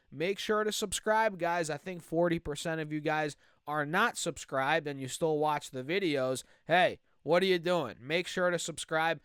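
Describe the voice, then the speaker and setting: A man's voice: a little high, fairly bright tone, clean tone, no echo, studio quality. A man with a stuffy, nasal voice from allergies, chatting energetically about the stock market and speaking straight to his viewers. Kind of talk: casual market commentary.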